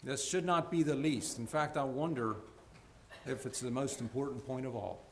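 A man addresses his congregation in a sermon at a moderate pace, with slight noise in the background. His volume rises to loud, stressed peaks and falls to gentle, low passages, and he repeats words as he restarts.

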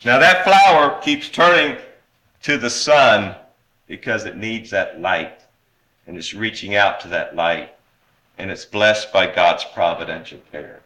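Male preacher, slow and earnest, bright forceful tone, sermon delivery. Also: fairly low pitch, poor audio. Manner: reads scripture in old-style wording. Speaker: pastor.

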